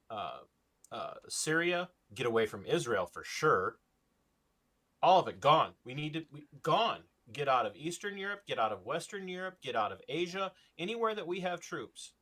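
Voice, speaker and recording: Male podcast co-host, bright forceful voice, passionate, emphatic. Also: fairly high pitch. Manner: passionate, emphatic, voice climbing when worked up. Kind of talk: podcast talk, impassioned rant.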